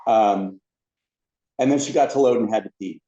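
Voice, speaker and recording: A man with a lowish, mellow voice tells anecdotes as a podcast guest. He is a lively storyteller who slips into the voices of the people he describes. The sound is roomy and a little dull, like a lo-fi recording. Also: normal speed. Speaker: podcast guest, former theme park ride attendant.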